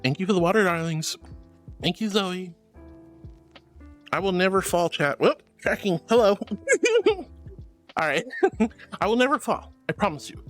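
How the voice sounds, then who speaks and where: A woman's voice: on the low side, expressive, measured pace, pauses often, soft background music. A woman streaming live and chatting with her viewers, playful and theatrical, calling them darling and honey. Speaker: virtual streamer.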